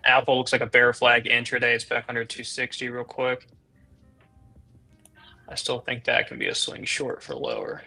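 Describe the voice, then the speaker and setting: An upbeat man talks through stock charts and setups in a relaxed, quick way on a live trading stream. His voice sits in a middle register, and music plays faintly in the background. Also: mid-range voice, vocal fry. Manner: quick, upbeat market commentary with laughs. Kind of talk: casual trading chat.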